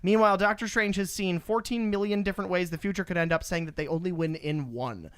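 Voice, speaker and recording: A man hosting a podcast, rushing through a casual movie recap with plenty of profanity. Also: sits high, a bit bright, clear, resonant tone. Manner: rushed, profane storytelling. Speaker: podcast host.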